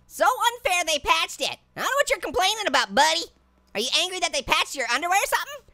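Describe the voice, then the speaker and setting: A man's voice: sing-song, fast, sharp tone, exaggerated voice. A man voicing a hyperactive, giggly male talking orange in a cartoon let's-play, squealing and joking through close calls. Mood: giddy. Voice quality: squeaky, high and nasal with constant giggles. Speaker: gaming channel host. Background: game music.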